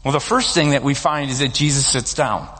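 A man preaching a sermon as pastor, talking in a relaxed conversational storytelling way. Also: medium pitch, a little fast. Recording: long reverb of a large hall.

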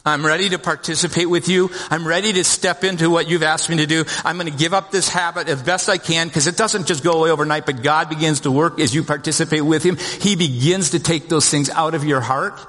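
A man's voice: fairly high pitch, steady tone, a little fast, few pauses, a bit bright. A man preaching a sermon as pastor, earnest, with repeated words and restarts as he goes. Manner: earnest, repeats words, quotes scripture in small voices. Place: church sanctuary. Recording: long hall reverb.

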